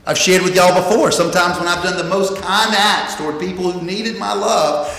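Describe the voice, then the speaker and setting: A pastor delivers a sermon in a high, somewhat bright voice with fairly even intonation and a moderate pace. He's earnest and emphatic, frequently repeating and restarting phrases, and the church sanctuary gives the recording a long, echoey reverb.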